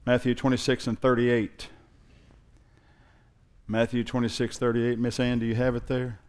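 A man's voice: medium pitch, monotone, normal speed, darkish tone, smooth. A male pastor preaching to a congregation, conversational at first and building in force. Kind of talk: sermon.

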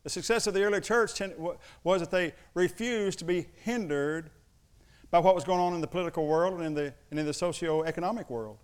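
The pastor's voice sits high and sounds smooth, moving fairly quickly through his sermon. He narrates personal stories, acting out how his family members talk.

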